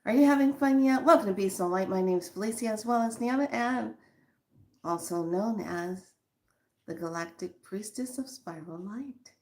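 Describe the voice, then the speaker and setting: A woman's voice: mid-range voice, moderate pace. Chatty woman hosting a spiritual vlog. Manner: chatty and animated, laughs often, repeats questions rhythmically. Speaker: spiritual channel host. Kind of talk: casual spiritual vlog talk.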